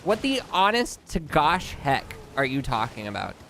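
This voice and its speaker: A young male streamer talks casually over his gameplay, tossing off exasperated jokes at his chat. His voice sits a little high, with a faint hum behind it. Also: sing-song, measured pace, sharp tone. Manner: exasperated, joking banter with chat. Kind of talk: casual live-stream commentary.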